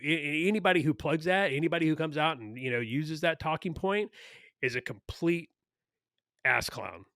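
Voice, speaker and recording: A man's voice: medium pitch, bright, forceful tone, dry recording, studio quality. A man co-hosting a podcast, ranting bluntly and crudely in casual political chat. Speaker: podcast co-host.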